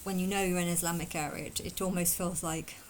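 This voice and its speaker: Fast-talking, indignant woman. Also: fairly low pitch, fairly even intonation, a little hiss or hum, rough recording. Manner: fast talker; emphatic and indignant. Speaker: vlogger. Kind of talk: casual opinion monologue.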